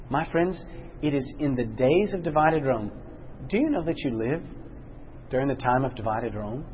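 A man leading a Bible study class, questioning his listeners and slowing down and dropping low to stress a point. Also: animated, highs cut off, a little hiss or hum. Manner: questions the class, slows and drops low for emphasis.

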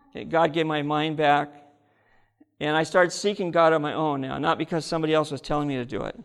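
A man preaches his personal testimony in an earnest, storytelling way, turning often to address the congregation. His voice sits a bit high with a gravelly edge. The sound rings with the long reverb of a large hall. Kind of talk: testimony sermon.

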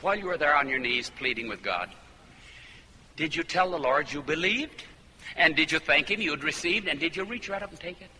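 A man's voice: on the high side, bright, forceful tone, husky. A man preaching a fervent sermon that builds to emphatic peaks. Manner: fervent, rising to emphatic climaxes. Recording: hall reverb with faint noise.

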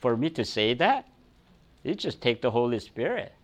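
A man's voice: mid-range voice, big pitch swings, moderate pace. A man preaching a sermon, telling a personal story with many fillers, restarts and laughs. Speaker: pastor.

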